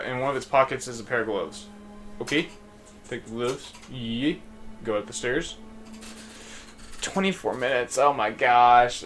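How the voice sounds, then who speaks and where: A young man giving casual, rambling let's play commentary, thinking out loud. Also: mid-range voice. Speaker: gaming YouTuber.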